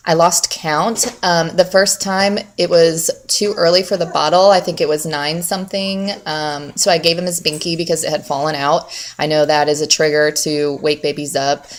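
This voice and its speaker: Chatty young mom, slightly low voice. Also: female voice, bright, forceful tone, a little hiss or hum. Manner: chatty, rambling, many fillers. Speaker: mom vlogger. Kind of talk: casual chat to camera.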